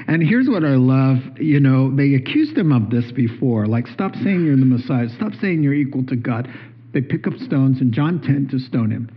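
A male pastor preaching a sermon in an animated way, with joking asides and rhetorical questions. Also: mid-range voice, breathy edge. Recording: dull lo-fi recording.

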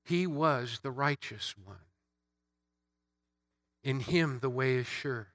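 A man's voice: mid-range voice, takes it slowly, a bit bright, no echo, clean studio sound. A man preaching an Easter sermon, emphatic, building through repeated phrases.

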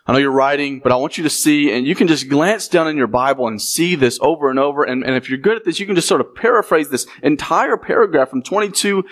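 Emphatic man preaching a sermon. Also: medium pitch. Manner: emphatic, asks the congregation questions. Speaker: pastor.

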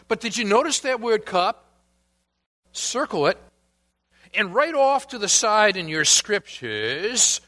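Bright-voiced slow-preaching man. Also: high voice. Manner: preaching, questions to the congregation, swings from loud to hushed. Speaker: pastor. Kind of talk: sermon.

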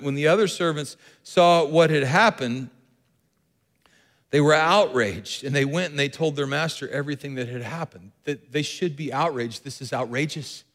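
Earnest male preacher in a reverberant hall. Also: a little high. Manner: earnest, repeats key phrases for emphasis. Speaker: pastor. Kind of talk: sermon.

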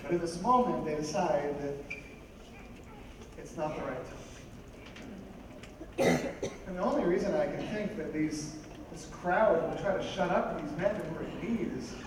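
High-voiced preacher in an echoing hall. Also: male voice, normal speed, long pauses. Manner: conversational, animated, asks the audience questions. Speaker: pastor. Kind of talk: sermon. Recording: echoey hall, voice from a distance, background noise.

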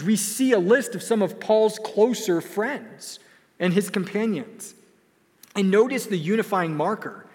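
Young man, pastor, high voice, emphatic sermon delivery, long church reverb. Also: fairly bright tone. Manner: earnest, emphatic preaching with repeated phrases. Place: church sanctuary.

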